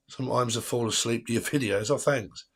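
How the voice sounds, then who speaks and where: The host of this tarot livestream is a man with a medium-pitched voice that's creaky, husky and a bit bright. He chats casually with his audience, rambles and laughs readily.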